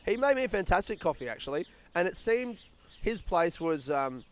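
A young Australian man hosts a casual solo podcast outdoors in a smoking area by a housing estate, rambling chattily through stories and acting out quoted voices. His voice is high-pitched and very animated, and he sounds a bit rushed, yawning along the way.

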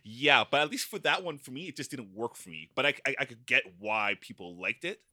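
A man co-hosting a casual round-table podcast, giving animated critiques with frequent restarts. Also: mid-range voice, a little fast, dry recording, clean studio sound. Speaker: podcast co-host.

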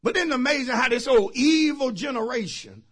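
A man preaching a sermon as pastor. He drives his points with shouted phrases and repeated calls to the congregation. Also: very high-pitched, lively intonation, fairly quick, husky. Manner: emphatic call-and-response preaching, shouting key phrases. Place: church service.

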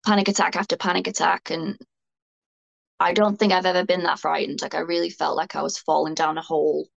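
A woman's voice: fairly low pitch, level tone, a little fast, gravelly, lo-fi sound. A young woman, a guest speaking frankly and ramblingly about her own experiences in a candid interview. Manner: frank, rambling, self-deprecating.

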